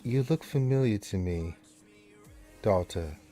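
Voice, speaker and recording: Hushed, kindly old elf priestess for a tabletop game, low and mellow, as a game master puts her on. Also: expressive, slow, soft background music. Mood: tender. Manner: soft, gentle and hushed. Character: tender elderly elf priestess aunt.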